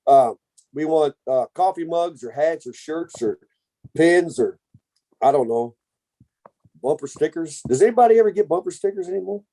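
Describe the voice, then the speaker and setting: Podcast guy, kinda high but mellow voice, rambly and jokey, lots of restarts. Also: lively intonation, normal speed. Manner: rambling, self-interrupting, jokey. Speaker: podcast co-host. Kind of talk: casual family storytelling chat.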